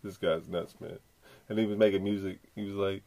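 A man's voice: low-pitched, steady tone, a little fast, vocal fry, dark tone. A man hosting a podcast, giving laid-back, slangy reaction commentary full of swearing and asides. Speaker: podcast host.

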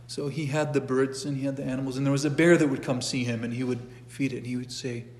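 A man's voice: medium pitch, little pitch movement, fast, a little mellow. A middle-aged man teaching a church catechism class in a conversational way, often restarting his sentences and adding asides. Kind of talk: informal church class lecture. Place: church hall. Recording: long echo of a church hall.

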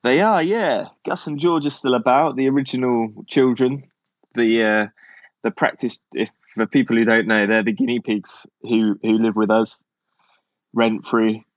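A man's voice: medium pitch, steady tone, no room sound, lo-fi sound. A man in his thirties from Cornwall with a Cornish English accent, chatting casually as a podcast guest, often restarting his sentences and chuckling. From Cornwall, England. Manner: halting, self-interrupting, chuckles often. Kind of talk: casual conversation.

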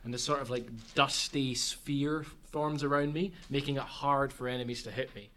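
A man's voice: mid-range voice, fairly even intonation, moderate pace, bright, forceful tone. A man playing a tabletop game, joking and explaining his moves with fillers. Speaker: player. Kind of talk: casual tabletop game play.

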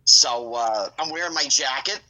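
A man's voice: mid-range voice, moderate pace, pushed and bright, rough recording. A man telling a long story as a podcast guest, rambling with asides and acting out both sides of conversations. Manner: rambling, full of asides and acted-out dialogue. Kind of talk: casual storytelling.

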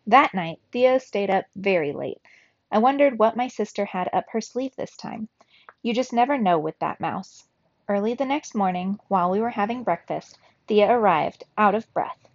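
A woman reading a children's chapter book aloud as a teacher, lively, with small slips and laughs at her own mistakes. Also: mid-range voice, moderate pace, dry recording. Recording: slightly dull lo-fi recording in a dry room.

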